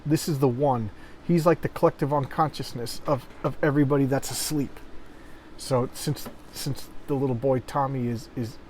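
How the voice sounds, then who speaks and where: A man's voice: mid-range voice, fairly even intonation, moderate pace, darkish tone, poor audio. A man casually walking through the panels of a comic book, rambling and repeating himself as he retells the pages, with a fan running in the room. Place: hot room with a noisy fan. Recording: faint fan noise behind.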